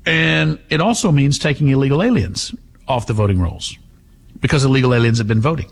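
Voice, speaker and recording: A man's voice: mid-range voice, animated, brisk, creaky, slightly rough. A man hosting a talk radio show, giving sarcastic, mocking commentary. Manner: sarcastic, mocking, puts on voices.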